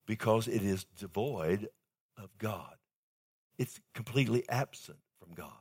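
A man preaching a sermon to a congregation. He asks rhetorical questions and swings between loud emphasis and near-whispered intimacy. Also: on the low side, animated, measured pace, husky. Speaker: pastor. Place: church before a live congregation.

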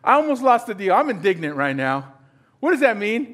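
A middle-aged male pastor giving a sermon, animated and acting out little dialogues in different voices. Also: sits high, normal speed.

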